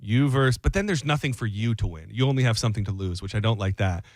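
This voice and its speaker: A man's voice: lowish voice, animated, fast, dry recording. Rambling male sports radio host. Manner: loose, rambling, lots of restarts.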